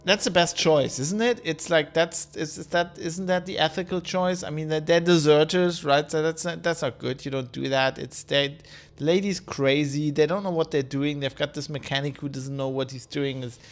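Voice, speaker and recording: A man's voice: fairly high pitch, steady tone, normal speed. A man streaming a video game, rambling, joking and reading game text aloud. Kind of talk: casual let's-play commentary.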